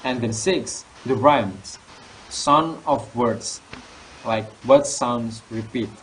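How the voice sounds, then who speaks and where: A young man, a student teacher giving a lesson on poetry, reading definitions slowly with fillers and restarts. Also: medium pitch, a bit bright, a little hiss or hum, poor audio. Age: young adult. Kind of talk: classroom lesson explaining poetry.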